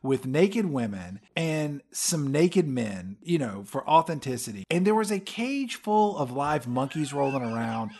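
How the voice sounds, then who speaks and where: A man's voice: medium pitch, very animated, a little slow, few pauses, a little mellow. A man hosting a comedic movie podcast, recounting the plot and acting out characters' lines. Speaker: podcast host. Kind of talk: casual comedic plot recap.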